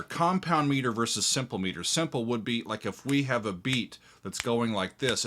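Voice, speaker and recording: A man hosts a relaxed reaction show, breaking down meter and chords like a teacher. He counts beats out loud and stops often with little fillers while he gathers his thoughts. His pitch sits in the middle for a man. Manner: explains music theory, counts beats aloud, halting with fillers. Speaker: classical composer reacting to music. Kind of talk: casual reaction commentary.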